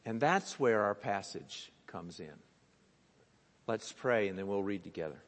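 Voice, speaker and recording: A man preaching a sermon as pastor, telling a story slowly and deliberately with voices for the people in it. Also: on the low side, expressive. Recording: long reverb of a church hall.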